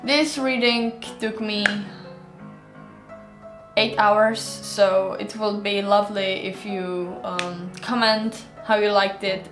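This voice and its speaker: Casting: woman narrator for a fan audiobook, mid pitch, roomy room, faint music underneath. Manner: plain storytelling, chatty in outro.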